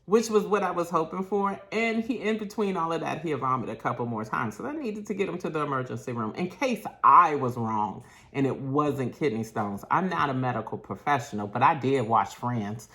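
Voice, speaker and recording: A woman's voice: deep voice, a little fast, few pauses. A woman, telling a story in a casual vlog rant and acting out what people said. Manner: animated, acts out quotes in shifting voices. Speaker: vlogger.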